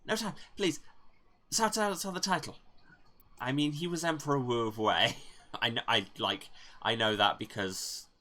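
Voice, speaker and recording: A let's play host chatting casually over a game, self-mocking and quick to joke. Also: medium pitch, sharp tone.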